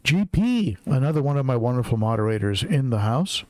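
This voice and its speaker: A man's voice: mid-range voice, very animated, a little fast, a little mellow, dry recording. A middle-aged man from Southern California hosting a live stream, chatting casually and reading out viewers' names as they come in. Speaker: livestream host. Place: home, in Tennessee.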